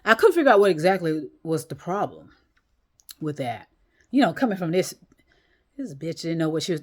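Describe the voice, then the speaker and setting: A woman with a slightly low voice talks casually to her viewers from a chair at home. She rambles through many restarts and fillers. She swears bluntly as she talks. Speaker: vlogger. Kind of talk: casual monologue to camera. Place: small room at home, in a chair.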